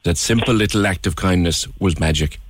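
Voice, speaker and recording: A man's voice: deep voice, fairly quick, a little hiss or hum. A man hosting a radio phone-in, encouraging and folksy with his guests. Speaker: radio host. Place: radio studio.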